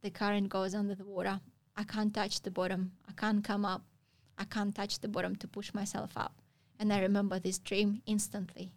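A woman's voice: medium pitch, flat delivery, dry recording. Woman telling a story. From Russia. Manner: halting non-native phrasing with frequent pauses. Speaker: guest. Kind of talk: casual storytelling interview.

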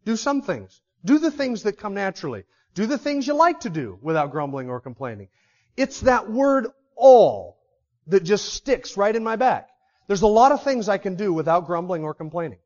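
A man's voice: sits high, very animated, moderate pace, in a large hall, lo-fi sound. A man preaching a sermon as a pastor, with emphatic stress and repeated key words.

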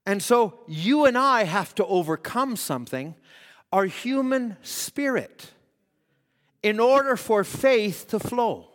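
High-voiced preacher in a reverberant hall. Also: male voice, animated, takes it slowly. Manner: swings from loud exhortation to hushed, dramatized quotes. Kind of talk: sermon.

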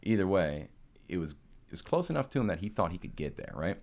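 A man with a very deep voice tells a story in a relaxed, chatty way. He swears freely, laughs along and often restarts his sentences. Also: a little fast. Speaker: podcast co-host. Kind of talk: casual storytelling chat.

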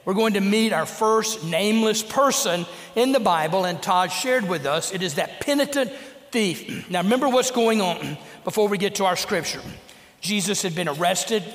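A man delivers a sermon in an earnest, emphatic manner. His voice sits high for a man. The sound rings with the long reverb of a church sanctuary. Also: a bit bright. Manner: earnest, emphatic preaching with dramatic acted quotes. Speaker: pastor.

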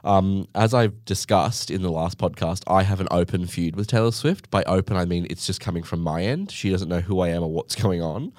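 Young Australian man, podcast host, lively sarcastic storyteller with a low voice and a dry, close sound. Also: brisk, few pauses, dry recording. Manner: animated, sarcastic, acts out others in high mocking voices. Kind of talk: casual storytelling monologue.

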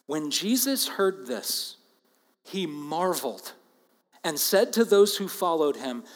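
A man preaching an expository sermon, earnest and emphatic, with loud stresses and quiet asides. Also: a little high, sing-song, slow pace. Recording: long reverb of a large hall.

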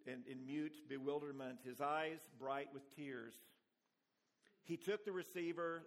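A man preaching a sermon, earnest and repeating key phrases for emphasis. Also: fairly high pitch. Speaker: pastor. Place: church.

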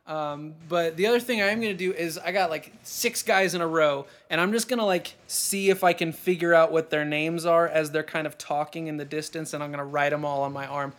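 A man hosting a comedy podcast game show, chatting in a playful, rambling way with quick laughs. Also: on the high side, steady tone, a bit bright. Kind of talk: casual comedy podcast chat.

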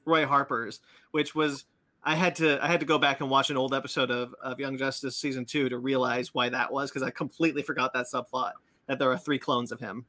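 Bright-voiced man rambling casually. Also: medium pitch, flat delivery, fairly quick. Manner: rambling, many fillers and restarts. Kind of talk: casual chat about comics and cartoons.

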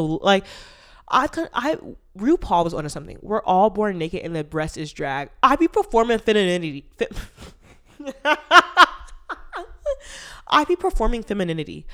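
A young woman hosting her own podcast, talking candidly and playfully with a stuffy nose from allergies. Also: lowish voice. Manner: chatty, candid and playful, with bursts of loud laughter and sung lines. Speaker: podcast host. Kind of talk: casual solo podcast chat.

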